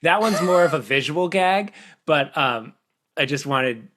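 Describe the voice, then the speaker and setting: A man's voice: a little high, lively intonation, unhurried, fairly bright tone. A man hosting a podcast, chatting enthusiastically, laughing often and stumbling through restarts. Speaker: podcast host. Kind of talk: casual podcast chat.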